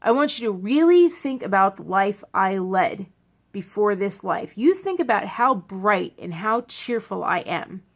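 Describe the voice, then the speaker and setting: Woman vlogger, young adult, gravelly fry in her voice, tired and sore, rambling, emphatic repeats. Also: medium pitch, sing-song, a little slow. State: tired and in pain after a procedure. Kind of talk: casual talk to camera.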